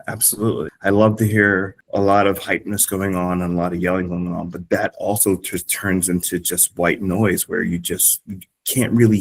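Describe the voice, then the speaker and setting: A man who is a fitness coach, explaining how to cue a group workout class in a relaxed discussion. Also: deep voice, husky. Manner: demonstrates energetic class cues, then calm explanations.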